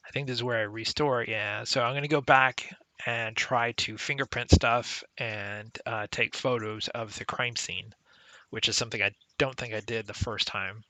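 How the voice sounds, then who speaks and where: A let's play commentator talks through an old adventure game in a relaxed, conversational way, pausing to explain the game mechanics and laughing now and then. His mid-range voice is very bright and forward, at a normal speed. The recording is dry and close, with no room sound.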